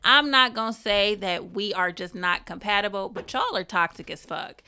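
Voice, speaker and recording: A woman's voice: mid-range voice, moderate pace, pushed and bright, clear, resonant tone. A young woman hosting a podcast, chatting casually and telling candid personal stories. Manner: candid, confiding storyteller. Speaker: podcast host. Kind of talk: casual chat.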